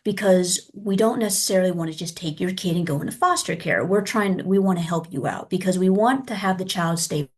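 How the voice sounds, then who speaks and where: A woman's voice: lowish voice, brisk, few pauses, slightly rough. An American woman who works as a child abuse investigator, answering interview questions conversationally and acting out her polite phone calls to parents.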